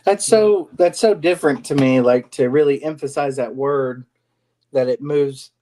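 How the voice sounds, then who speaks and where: Man, student, mid pitch, rambling, thinking aloud, classroom talk. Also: a little slow, warm tone. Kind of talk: classroom discussion.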